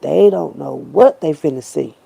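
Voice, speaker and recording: A woman's voice: sits low, animated, normal speed, creaky, dark tone, husky, low-quality recording. A woman talking straight to her viewers in a casual, profane monologue, preachy and repetitive, with slangy asides and the odd rhyme. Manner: preachy, ranting, repeats herself. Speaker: vlogger.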